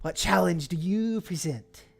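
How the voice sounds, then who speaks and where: A chorus of giant chittering bugs. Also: male voice, sits high, measured pace, creaky, husky, exaggerated voice. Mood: eager. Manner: many voices speaking at once, chittering and drawn out. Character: chorus of giant eager bug creatures.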